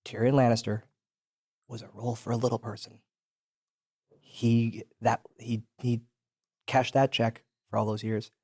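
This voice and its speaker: Man in a co-host role with a plain mid-pitched voice and wry, joking delivery. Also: level tone, measured pace, long pauses, a little mellow. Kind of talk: casual chat.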